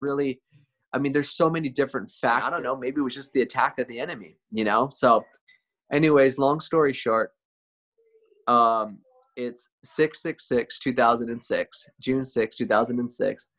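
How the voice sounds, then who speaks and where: A man's voice: medium pitch, steady tone, moderate pace, fairly bright tone. Casual man sharing his testimony. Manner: conversational, frequent "man" and "like", repeats and restarts words. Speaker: interview guest.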